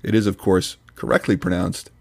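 A man's voice: sits low, little pitch movement, moderate pace, creaky. A man hosting a podcast, reading scripted commentary in a dry, mock-serious, pedantic manner. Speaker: podcast host reviewing another podcast.

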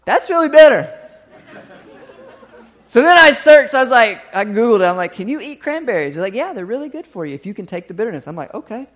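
Lively pastor preaching in a reverberant hall. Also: male voice, sits high, quick pace, few pauses. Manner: storytelling, acts out quoted voices, lively asides to the congregation. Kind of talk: sermon.

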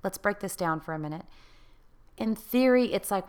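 A woman's voice: medium pitch, expressive, normal speed, long pauses, darkish tone, clean tone. A woman hosting a talk on healing after divorce, speaking in an earnest, coaxing way and asking many questions. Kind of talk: encouraging self-help talk.

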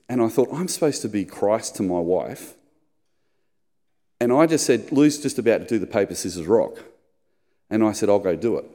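Pastor preaching in a reverberant hall. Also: male voice, mellow. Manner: storytelling, acts out squeaky high voices in anecdotes. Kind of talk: sermon. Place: church hall.

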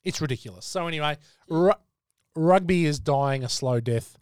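A man co-hosting a podcast, opinionated and halting as he talks. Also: on the high side, darkish tone, smooth, dry recording, clean studio sound. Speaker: podcast co-host and youth rugby coach. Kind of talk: casual chat.

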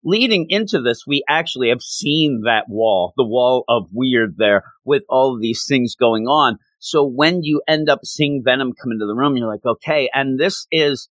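Animated man recapping a comic. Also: medium pitch, normal speed, hardly any pauses, no room sound. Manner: animated, acts out quoted lines. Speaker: comic book reviewer. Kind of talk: casual storytelling recap.

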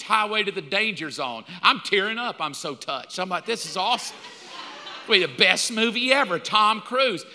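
A man in his fifties preaching a sermon, telling stories with animated, mock-outraged outbursts. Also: sits high, in a large hall. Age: 50s. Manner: animated storytelling, jumps up loud in mock outrage. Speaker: pastor.

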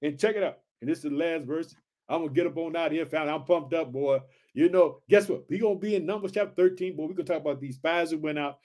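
A man's voice: fairly high pitch, fast talker, a little mellow. A man teaching a Bible passage with fervent energy, often asking his listeners if they heard and calling them family. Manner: fervent, keeps asking "did you hear?" and "check it out".

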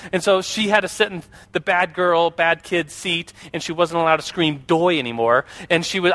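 A high-pitched man tells stories to a group in a loose, chatty way, full of fillers and quick questions to the audience. His tone is bright and sharp, and he slips into animated voices for the people in his stories. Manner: animated, acts out quoted voices. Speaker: speaker addressing a group. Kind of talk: casual storytelling to an audience.

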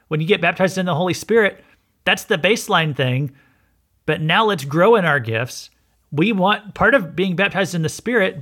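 A man's voice: a little high, a bit bright. A man, a pastor and podcast host, giving a conversational Bible teaching and often checking in with "okay?". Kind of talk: sermon-style Bible teaching.

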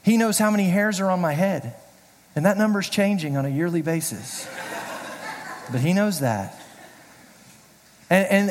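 A middle-aged pastor giving a casual, joking sermon, telling personal stories in a chatty way. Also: male voice, on the high side, a little mellow. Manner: chatty, storytelling, self-deprecating jokes. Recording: reverberant hall.

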